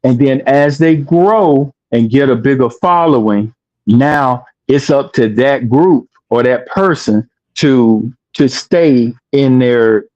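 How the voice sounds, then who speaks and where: Slow, deliberate man on a dull line. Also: mid-range voice, a little mellow. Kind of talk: casual talk about media. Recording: dull lo-fi sound.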